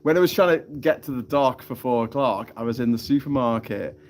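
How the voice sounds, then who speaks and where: A man's voice: medium pitch, fairly quick, a little hiss or hum. A man chats loosely to a live stream audience, rambling through a story with plenty of laughs and the odd curse word. He is talking into a phone outdoors on an island. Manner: chatty storytelling with frequent laughs and swearing.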